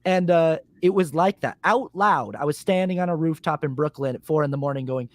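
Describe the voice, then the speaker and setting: A man's voice: fairly high pitch, a little fast, dry recording. A man hosting a podcast, telling a personal story animatedly and acting out what was said, with casual swearing. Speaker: podcast host. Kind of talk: casual conversation.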